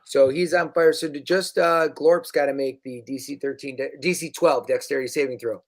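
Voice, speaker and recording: A woman running a tabletop game, narrating quickly and casually with fillers and frequent self-corrections. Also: a bass voice, steady tone. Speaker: game master.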